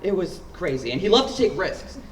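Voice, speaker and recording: A teenage boy telling a personal story on stage at a school event, lively and playful in a casual way. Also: high voice, a little fast, a little hiss or hum. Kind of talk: live storytelling. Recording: roomy hall, mic far off.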